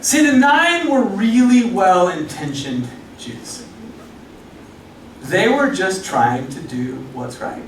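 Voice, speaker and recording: A male pastor with a high voice preaches a sermon, chatty and animated as he tells the story. He is picked up from a distance in a strongly echoing church hall, with faint room noise underneath. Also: slow pace. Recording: echoey hall from far off.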